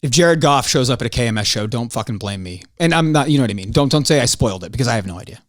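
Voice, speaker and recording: A man's voice: medium pitch, animated, very fast, dry recording, studio quality. A man hosting a podcast, talking casually on his own, ranting and swearing, his voice jumping up when he gets worked up. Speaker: podcast host. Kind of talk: casual solo podcast monologue.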